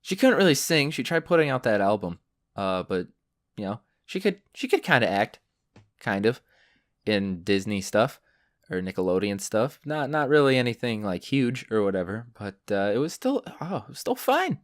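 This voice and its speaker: A man's voice: fairly low pitch, animated, moderate pace, no room sound, studio quality. A young adult man hosting a solo podcast, telling stories in a profane, ranting way. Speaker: podcast host.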